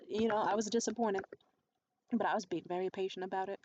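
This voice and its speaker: Young woman vlogging, blunt and swears a lot, mid pitch, kinda dull lo-fi audio. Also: fast, a little hiss or hum. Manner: blunt, profane, animated storytelling. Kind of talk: casual vlog monologue.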